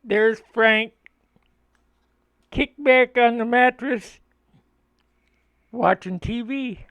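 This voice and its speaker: An older man with a fairly high voice takes his time, rambling through memories between steps of his model airplane build. The sound is close and dry, with no room around it. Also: very slow, gravelly, a bit bright, clear, resonant tone, dry recording. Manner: rambling, chuckling storyteller. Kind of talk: casual storytelling while building.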